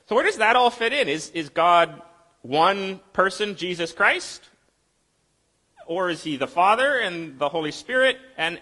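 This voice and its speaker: Lively, bright-voiced man preaching a sermon. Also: sits high. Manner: explanatory, conversational preaching with rhetorical questions; reads scripture aloud slowly and solemnly. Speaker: pastor.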